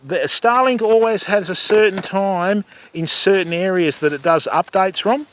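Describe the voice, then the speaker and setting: A man's voice: high voice, measured pace, fairly bright tone, a little hiss or hum. A middle-aged Australian man hosting a fishing livestream outdoors, chatting casually with viewers and calling them mate. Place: outdoors by the water.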